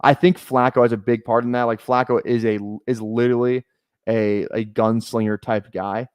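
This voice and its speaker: A man's voice: medium pitch, little pitch movement, normal speed, smooth, no echo, clean studio sound. A young man streaming live, chatting casually and thinking aloud as he talks. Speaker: fantasy football streamer.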